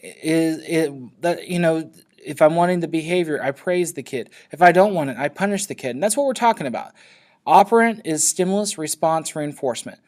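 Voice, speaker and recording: A man's voice: fairly high pitch, lively intonation, fairly quick, a little mellow. A man teaching a class in a loose, conversational lecture, often checking in with his students. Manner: loose, checks in with frequent "okay?".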